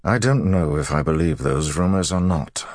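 A man voicing a grizzled older male general who talks gruffly and gravely. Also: a bass voice, animated, normal speed, darkish tone, no echo, studio quality.

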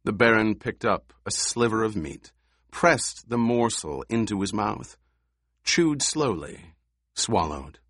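Low, slow man narrating a novel. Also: lively intonation, a bit bright, dry recording, studio quality. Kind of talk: audiobook narration.

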